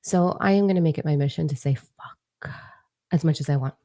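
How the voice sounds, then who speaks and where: A woman's voice: sits low, fairly quick, mellow, no room sound. A woman in her forties, a spiritual advisor talking casually on her vlog, blunt, profane and playfully mocking.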